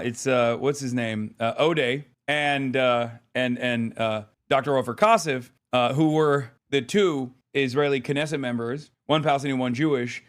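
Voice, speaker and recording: Profane, sarcastic male streamer. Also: fairly high pitch. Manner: profane, sarcastic, animated ranting. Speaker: streamer and political commentator. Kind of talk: live-stream reaction commentary.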